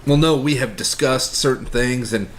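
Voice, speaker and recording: A man's voice: medium pitch, normal speed, a little hiss or hum. A man co-hosting a casual comedy news podcast, reading out odd stories and joking along. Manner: reads news items aloud between jokes. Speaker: podcast co-host.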